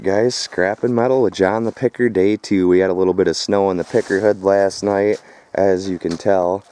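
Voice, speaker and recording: Rough-talking man vlogging outdoors. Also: sits low, a little mellow. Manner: rough, profane, talks straight to viewers. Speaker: scrap metal vlogger. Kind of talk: casual vlog narration. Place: outdoors at a rural property.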